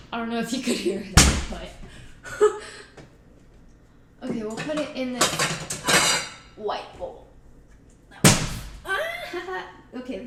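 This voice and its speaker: Over heavy background noise, a high-pitched woman streams live as she cooks in her home kitchen. She reads her viewers' messages aloud and answers them, bantering playfully and trading puns.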